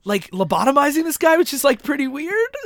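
A man's voice: extremely high pitch, sing-song, fairly quick, gravelly, a bit bright, no room sound, studio quality. A man on a casual podcast who retells comic book plots, laughing as he acts out the characters' lines. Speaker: podcast host.

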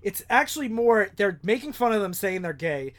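A man's voice: high voice, very animated, normal speed, a bit bright. A man co-hosting a podcast, recapping loosely with lots of fillers and restarts. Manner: rambling recap full of "like" and restarts. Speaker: podcast co-host. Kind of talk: casual chat.

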